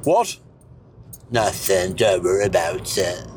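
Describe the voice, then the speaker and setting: A man's voice: low-pitched, expressive, takes it slowly, background noise, voice pushed down. A man voicing an elderly, foul-mouthed, bossy wife who nags and mocks in a crude, sarcastic way. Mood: mocking.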